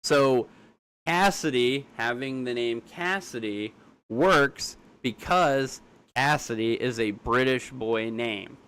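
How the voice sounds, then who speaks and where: Blunt, fast-talking young man. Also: medium pitch, a bit bright, smooth. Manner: blunt, rapid, argumentative. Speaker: streamer. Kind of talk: casual live-stream talk.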